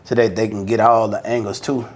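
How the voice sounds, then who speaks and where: Animated Alabama man telling a story. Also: on the low side, fairly quick. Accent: Southern US, Alabama. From Mobile, Alabama. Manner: animated, acts out quotes, profane slang. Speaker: podcast guest. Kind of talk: casual storytelling chat.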